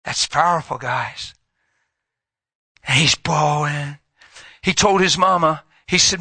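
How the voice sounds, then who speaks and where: A middle-aged man preaching a sermon, telling a personal story and swinging from loud, fast passages to hushed whispers. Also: a little high, husky, no echo. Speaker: pastor. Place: church hall with audience.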